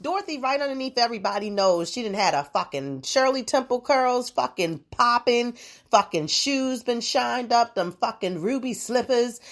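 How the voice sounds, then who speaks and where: A young adult woman hosting her own podcast, chatting casually in a rambling, profane way with frequent laughs. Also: fairly high pitch. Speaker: podcast host. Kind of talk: casual solo podcast chat.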